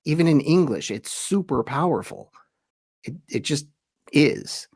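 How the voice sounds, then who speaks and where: A man hosting a conversational lesson, explaining in a relaxed, chatty way and reading quoted verses slowly with emphasis. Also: on the high side, husky, no room sound, studio quality. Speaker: host and teacher.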